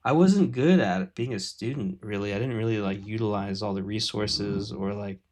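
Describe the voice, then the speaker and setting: A man's voice: lowish voice, normal speed, darkish tone. A man in his thirties, an artist on a live stream, rambling casually with lots of fillers and self-deprecating asides.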